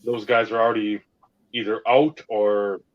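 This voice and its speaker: A male podcast co-host with a voice on the low side speaks unhurriedly, chatting casually about sports and hobbies. He launches into animated, profanity-laced rants, and the lo-fi audio is a little dull.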